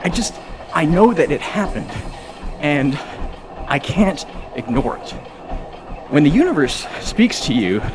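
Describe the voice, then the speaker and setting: A man's voice: on the high side, very animated, a little slow, pauses often. A man ranting casually and a bit preachily while gaming on a treadmill. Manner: talkative, preachy, rambling; exercising on a treadmill while talking. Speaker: gaming streamer. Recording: music clearly behind.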